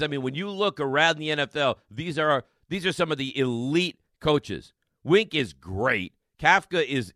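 On a sports radio show, the male host delivers an emphatic, excitable monologue loaded with rhetorical questions and repeated lines. His pitch is medium, and the studio sound is clean with no echo.

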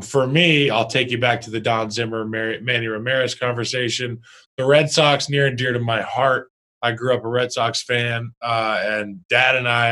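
Young man, podcast co-host, blunt, joking, casual chat, medium pitch. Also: pushed and bright, poor audio.

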